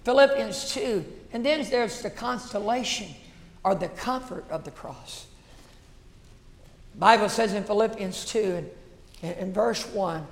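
Gravelly pastor preaching. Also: male voice, sits high, unhurried. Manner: folksy, building to shouted passion. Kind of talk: storytelling sermon. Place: church sanctuary. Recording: echoey church hall.

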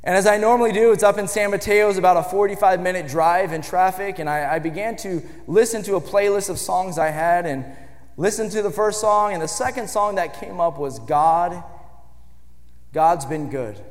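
A man preaching a sermon, moving from quiet, measured passages to shouted declarations. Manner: builds from low, measured speech to shouted emphasis. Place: church sanctuary. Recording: church hall with long reverb.

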